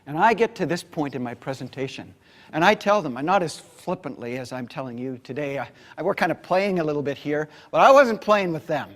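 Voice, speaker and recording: A man giving a storytelling keynote to a conference audience, dramatic, swinging from whispers to loud bursts. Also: fairly high pitch, lively intonation, fairly quick, big-room sound. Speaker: motivational keynote speaker.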